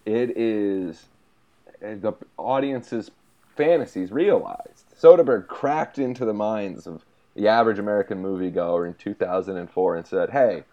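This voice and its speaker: Low-voiced man in casual podcast banter. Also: moderate pace. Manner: animated, jokey, does mocking quoted voices. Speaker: podcast co-host. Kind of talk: casual film chat. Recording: dull lo-fi sound.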